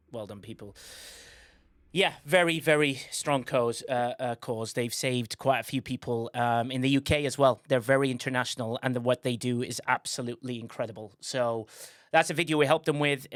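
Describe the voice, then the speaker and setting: A man's voice: medium pitch, fairly bright tone, smooth, dry recording, studio quality. A man hosting a casual livestream, rambling with many fillers and repeats. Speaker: livestream host.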